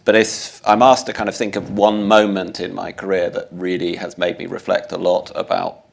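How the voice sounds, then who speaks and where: Man, literature teacher, panelist, very low voice, gravelly. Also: flat delivery, moderate pace. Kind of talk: panel discussion.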